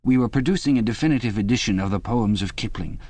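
A dreamy, pedantic middle-aged poet, locked up and bewildered, as a male audiobook narrator puts him on. His voice rides higher than the narration and stretches words out fussily. The sound is dry and close. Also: a little mellow, no echo, lightly acted. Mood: indignant pedantry. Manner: vague, fussy, rising higher voice, drawn-out words.

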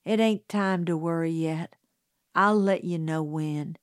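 A woman's voice: sits low, unhurried, no room sound, clean studio sound. A woman reading an audiobook, voicing an anxious, protective boy who speaks urgently and at times drops to a whisper. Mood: worried. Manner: urgent, sometimes hushed to a whisper. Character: anxious Southern boy, protective older brother. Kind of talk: audiobook character voice.

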